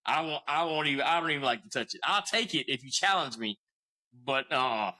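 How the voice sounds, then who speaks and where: A man's voice: mid-range voice, expressive, a little fast, sharp tone, low-quality recording. A man in his forties casually telling a profane story as a podcast co-host, often laughing.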